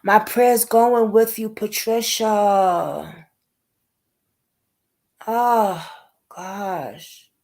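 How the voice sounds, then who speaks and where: A woman's voice: mid-range voice, very slow, gravelly, pauses often, darkish tone. A woman hosting a casual livestream chat, talking emotionally and in a rambling way, greeting viewers by name. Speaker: livestream host.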